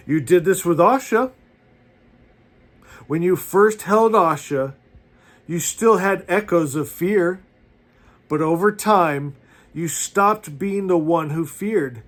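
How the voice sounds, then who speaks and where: A man's voice: high voice, takes it slowly, long pauses. A man teaching as a spiritual leader, reading passages aloud and preaching to his followers in a fervent, exhorting way. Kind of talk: inspirational sermon reading aloud.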